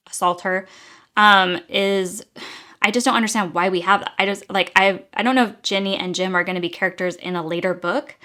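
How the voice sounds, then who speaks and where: A woman's voice: medium pitch, pushed and bright. A young adult woman giving a casual, exasperated book review, talking chattily with many fillers.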